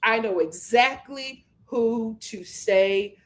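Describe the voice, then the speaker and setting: A young adult woman hosting a reality TV recap, talking in an animated, sarcastic way and mocking the people she discusses. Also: on the high side, slow pace. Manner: animated, sarcastic, mocking impressions, breaks into laughter. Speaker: commentary channel host.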